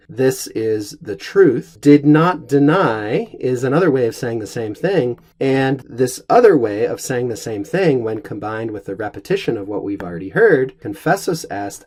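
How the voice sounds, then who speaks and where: A man teaching a Latin lesson, speaking in a measured, explanatory way and slowing down to pronounce the Latin. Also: mid-range voice, darkish tone.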